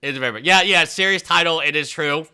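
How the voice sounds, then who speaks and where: Guy hosting a live stream, talks in loose rambling bursts, really bright tone, kinda high. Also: quick pace, smooth. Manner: rambling, animated, mocks people in high voices. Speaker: livestream host. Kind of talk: casual livestream chat.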